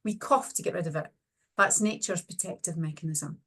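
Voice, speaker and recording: A woman's voice: on the low side, moderate pace, fairly bright tone, breathy edge. A middle-aged woman, a speech and language therapist, presenting an online webinar lecture and walking through slides with practical clinical examples.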